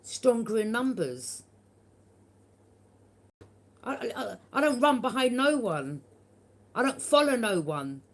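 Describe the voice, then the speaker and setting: A woman's voice: a little high, sing-song, slow pace, pauses often. A woman giving a collective tarot reading, talking bluntly and forthrightly, swearing freely and often checking with "yeah?". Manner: frequent tag question "yeah?". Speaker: tarot reader.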